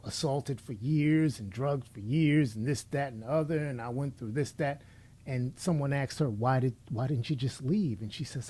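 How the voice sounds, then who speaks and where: A middle-aged commentator with a mid-range, darkish voice delivers a blunt, preachy opinion monologue. He speaks directly to the person he's criticizing.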